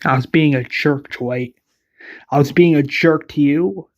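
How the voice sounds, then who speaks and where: A man's voice: a little high, unhurried, lo-fi sound. A man voicing a remorseful woman survivor. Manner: self-blaming, pleading.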